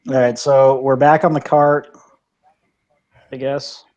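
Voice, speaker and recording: A man's voice: mid-range voice, little pitch movement, slow pace, darkish tone, dull audio. A man playing a tabletop game, chatty and joking with the group. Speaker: player. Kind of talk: casual tabletop play.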